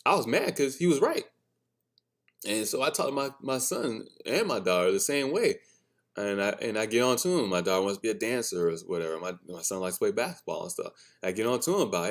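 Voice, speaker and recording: A man's voice: on the low side, expressive, a little fast. Blunt, foul-mouthed man on a podcast. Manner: swears freely in conversation; laughs often at his own remarks. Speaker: podcast host; father of a son and a daughter. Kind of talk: casual solo podcast monologue.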